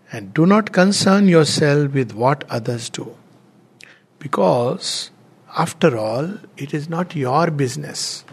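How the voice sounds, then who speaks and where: Man, middle-aged, slightly high voice, gentle devotional storyteller who chuckles often. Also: slightly rough. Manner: gentle, chuckles through anecdotes. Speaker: spiritual speaker.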